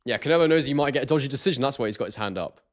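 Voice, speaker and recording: A boxing stream host with a medium-pitched voice talks very fast, excitable and chatty as he addresses his viewers directly. He keeps things loose, constantly reading out names and messages from the chat.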